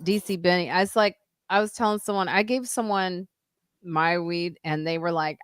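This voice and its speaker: A woman's voice: fairly low pitch, normal speed, smooth, no room sound, clean studio sound. A woman hosting a podcast in casual chat, telling stories animatedly with frequent laughs. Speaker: podcast host.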